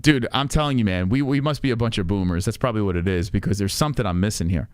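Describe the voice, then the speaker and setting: A man's voice: lowish voice, racing, clear, resonant tone, no room sound. A man hosting a livestream, reacting to a clip with crude, mocking commentary and frequent laughter. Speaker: livestream host.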